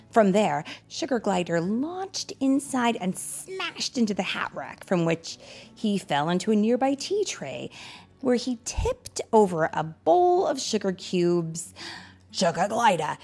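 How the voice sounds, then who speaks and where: Expressive woman reading a picture book. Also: medium pitch, gravelly. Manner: expressive, adds asides to listeners. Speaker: storyteller. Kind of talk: picture-book read-aloud.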